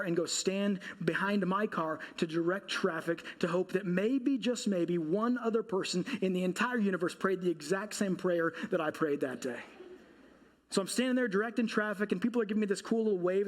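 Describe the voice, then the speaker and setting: A man with a notably high-pitched voice preaching from the pulpit. He tells a comic personal story with lively timing and throws questions out to the congregation as he goes. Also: a little fast. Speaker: pastor. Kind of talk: storytelling sermon.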